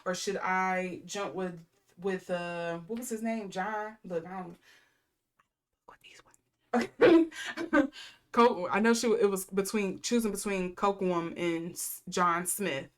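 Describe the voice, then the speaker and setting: A woman's voice: fairly low pitch, fairly even intonation, a little slow. A woman in her thirties giving a casual intuitive tarot reading. She rambles with lots of fillers and reels off lists of card keywords. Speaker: tarot reader.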